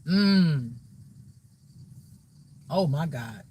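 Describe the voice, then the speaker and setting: A man's voice: a little high, expressive, extremely slow, a little mellow, a little hiss or hum. A man giving a casual spiritual reading, preachy and profane, repeating phrases for emphasis. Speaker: spiritual reader.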